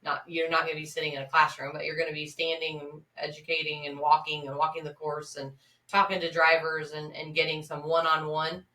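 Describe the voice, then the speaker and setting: A woman's voice: low voice, little pitch movement, fairly quick, pushed and bright, recorded from a distance. A woman co-hosting a podcast, chatting casually and promoting events with plenty of fillers. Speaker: podcast co-host. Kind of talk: casual chat. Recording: roomy, off-mic sound.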